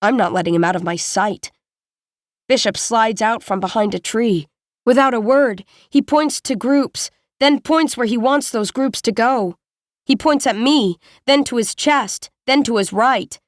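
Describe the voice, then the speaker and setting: A woman reading a first-person audiobook in a steady, measured storytelling manner, close to a studio mic. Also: on the high side, no room sound. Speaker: audiobook narrator.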